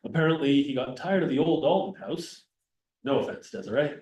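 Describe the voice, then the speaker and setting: A man's voice: mid-range voice, expressive, fairly quick, darkish tone. New guy lecturing on history, chatty and joking, sounds far off in an echoey hall. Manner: conversational, digressive, jokes with the audience. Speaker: historian giving a talk. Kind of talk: casual public history lecture. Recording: roomy sound from a distance.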